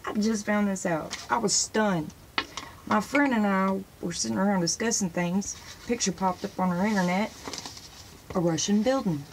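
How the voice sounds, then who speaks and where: Gravelly-voiced woman rambling excitedly. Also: medium pitch, moderate pace, a little hiss or hum, rough recording. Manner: excitable, rambling, points at pictures in books; sprinkles praise phrases into talk. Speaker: religious video host. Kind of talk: casual show-and-tell talk to camera.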